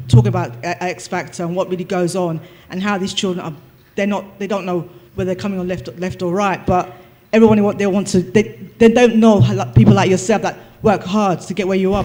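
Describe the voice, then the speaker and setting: A man in the audience of a live interview, speaking in a rambling, halting way. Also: high-pitched, little pitch movement, a little mellow. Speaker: audience member. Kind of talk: question from the floor. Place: cinema auditorium.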